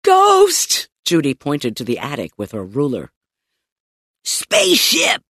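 A woman narrating a children's audiobook in a playful, expressive storytelling manner, close to a studio mic. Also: extremely low pitch, brisk, breathy edge, no echo.

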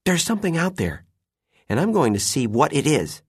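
An eager, wide-eyed young boy played by a man reading a storybook talks in a raised, lively voice. The reading is close and dry. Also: a little high, normal speed, breathy edge, no echo, voice pushed up, full character voice. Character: eager young boy who believes in aliens.

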